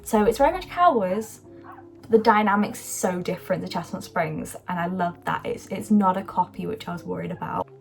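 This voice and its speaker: A woman's voice: mid-range voice, fairly quick. A young woman chatting casually and gushing about a book she is reading, with lots of fillers. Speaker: book vlogger. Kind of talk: casual book review vlog. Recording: soft background music.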